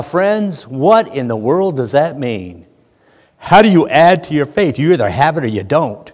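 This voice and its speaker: A man preaching a lively sermon in a church, animated, shouting at times as he acts things out. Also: a little high. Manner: animated, shouts when acting out a fan. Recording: church hall with long reverb.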